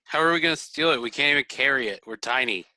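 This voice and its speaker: A man's voice: mid-range voice, quick pace, sharp tone, rough recording. A man as a player in a tabletop game, talking casually and thinking aloud about his moves.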